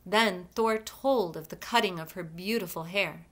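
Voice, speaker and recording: Woman reading a myth aloud. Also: lowish voice. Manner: measured, expressive. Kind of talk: storybook read-aloud narration.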